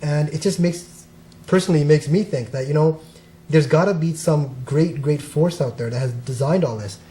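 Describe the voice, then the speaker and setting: A man's voice: fairly high pitch, moderate pace, dark tone. Earnest man telling a spiritual story. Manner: earnest, uses "right?" often. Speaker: speaker on spirituality. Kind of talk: casual spiritual talk with storytelling.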